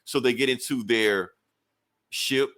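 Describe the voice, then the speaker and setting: A man's voice: mid-range voice, takes it slowly, fairly bright tone. A man co-hosting a podcast, loosely recapping a comic book in casual, rambling talk full of fillers. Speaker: podcast co-host.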